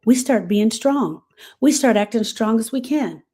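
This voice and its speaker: A woman grief coach giving a motivational talk to viewers, emphatic and repetitive, dropping soft and then rising loud, calling listeners "girl". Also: fairly high pitch, expressive, unhurried.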